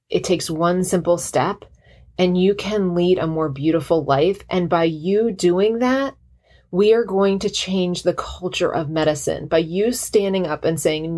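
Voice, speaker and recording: Woman podcast host, middle-aged, fervent motivational talk, lowish pitch. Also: darkish tone. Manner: earnest, impassioned, emotional. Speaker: podcast host, physician assistant.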